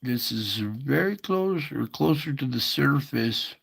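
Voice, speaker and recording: A man's voice: mid-range voice, lively intonation, slow pace, vocal fry, fairly bright tone, breathy edge. A man hosting a casual earthquake update, thinking aloud over maps with many fillers and asides. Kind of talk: casual screen-share commentary.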